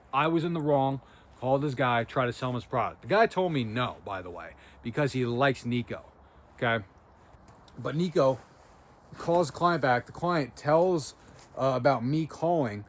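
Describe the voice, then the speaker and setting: A young man hosting a self-help video, telling a story from his own working life in a chatty, self-mocking way. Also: mid-range voice. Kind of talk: casual storytelling to camera.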